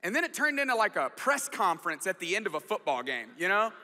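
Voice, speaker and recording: Man, 40s, guest preacher: a high, sharp voice, storytelling, self-mocking, stumbling restarts, recorded in a church hall with a long reverb tail. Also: sing-song, quick pace. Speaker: guest pastor. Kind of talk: storytelling sermon.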